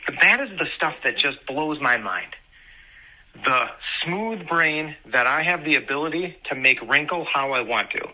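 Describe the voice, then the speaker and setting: A young father tells stories about parenting with a very bright, ringing voice. He moves from dry sarcasm to heartfelt sincerity. The audio is dull and lo-fi. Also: on the high side, a little slow. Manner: sarcastic then earnest, animated anecdotes. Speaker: parent sharing on a podcast. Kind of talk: casual personal storytelling. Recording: muffled lo-fi audio.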